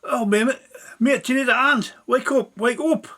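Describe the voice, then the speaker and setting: A man's voice: very high voice, moderate pace, bright, forceful tone, pitched above the performer's own voice, exaggerated voice. A man voicing a nervous young soldier. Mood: panicked.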